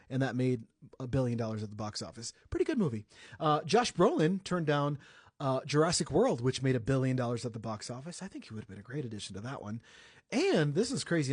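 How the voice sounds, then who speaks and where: A man's voice: mid-range voice, darkish tone, slightly rough, no echo, studio quality. Chatty young man hosting a podcast. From United States. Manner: chatty, joking asides, self-correcting. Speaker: podcast host. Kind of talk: casual celebrity news podcast.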